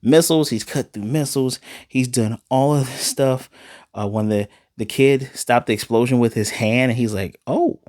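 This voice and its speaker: A man casually recapping an anime episode in an animated way, acting out quoted lines as he goes. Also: mid-range voice, moderate pace, no room sound, clean studio sound. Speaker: anime reviewer.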